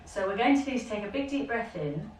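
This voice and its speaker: A woman's voice: mid-range voice, lively intonation, quick pace, echoey room, recorded from a distance, slight background noise. A woman teaching an online yoga lesson for children, encouraging them step by step.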